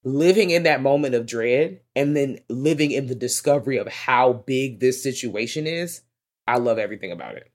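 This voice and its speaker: A woman's voice: very deep voice, moderate pace, darkish tone. A woman co-hosting a casual film discussion, chatty and profane, retelling scenes with animation.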